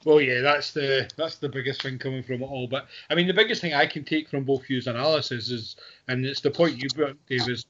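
A man's voice: medium pitch, fairly quick, a bit bright. A man hosting a football podcast, jokey and loose, often laughing as he talks. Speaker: podcast host. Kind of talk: casual football chat. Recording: muffled lo-fi audio with faint noise.

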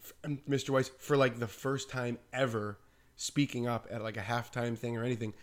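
Animated man telling stories, casual. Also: medium pitch, brisk. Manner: animated, acts out quotes, says "like" often. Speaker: podcast co-host. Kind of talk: casual storytelling chat.

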